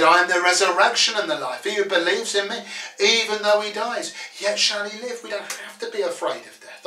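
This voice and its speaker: A pastor with a high, bright voice preaches a sermon in a church sanctuary, pressing his points emphatically with rhetorical questions. The recording is echoey and captured from far off.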